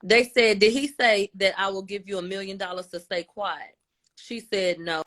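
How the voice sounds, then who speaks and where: A woman's voice: mid-range voice, fairly even intonation, moderate pace. Woman casually recapping courtroom events. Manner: conversational, retelling quotes with shifts in tone and loudness. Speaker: commentator.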